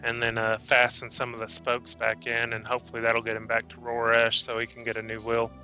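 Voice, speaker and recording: A man's voice: mid-range voice, monotone, a little fast, bright, forceful tone, highs cut off, faint music behind. A man playing in a tabletop game, plain and practical. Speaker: player. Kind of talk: casual tabletop play.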